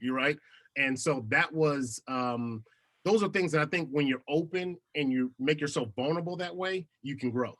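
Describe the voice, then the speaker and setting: Bright-voiced animated man telling stories. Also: a little high, moderate pace. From United States. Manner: animated, laughs often. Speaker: podcast guest, TV host. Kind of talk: casual interview storytelling.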